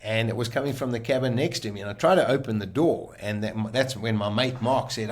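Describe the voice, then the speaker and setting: A man, a guest on a podcast, telling a personal story in a vivid, animated way and acting out the lines people said. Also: mid-range voice, a little fast.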